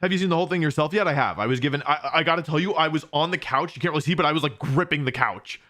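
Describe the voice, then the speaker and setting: Talking very fast in a high, pushed, bright voice, a young man streams a watch party, reading out viewers' questions and answering them casually with frequent restarts.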